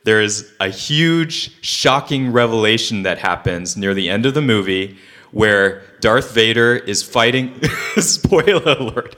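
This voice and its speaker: Chatty young preacher man, bright tone. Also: mid-range voice. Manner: chatty, with many fillers and asides. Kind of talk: casual sermon.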